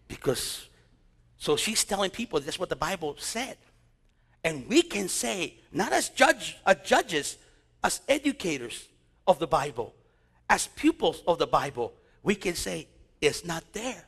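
Male pastor, animated preaching, high lively voice, long reverb of a big hall. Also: normal speed. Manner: animated preaching with storytelling asides. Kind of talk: sermon.

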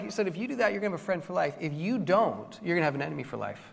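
Animated pastor preaching in an echoing hall. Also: male voice, on the high side, rapid-fire, creaky, hardly any pauses, husky. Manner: animated, self-mocking humor, acts out quotes. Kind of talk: sermon with storytelling. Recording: long hall reverb.

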